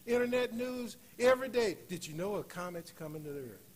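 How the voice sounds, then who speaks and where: A man preaching a sermon in a church, slowing on key phrases and rising to loud, emphatic peaks. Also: high voice, expressive. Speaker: guest preacher. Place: church sanctuary.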